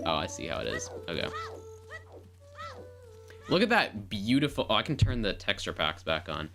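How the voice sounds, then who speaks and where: With an extremely low, creaky voice and a sing-song lilt, a woman streams a game live at a moderate pace, pausing often. Game music plays behind her as she rambles playfully, narrates her actions, and repeats words in casual commentary.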